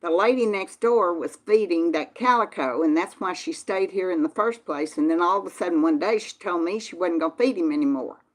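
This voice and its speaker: A channel host from Texas, speaking with a Southern accent, reads the live chat and talks with viewers in a folksy, casual way. Her voice is lowish and brisk, with barely any pauses.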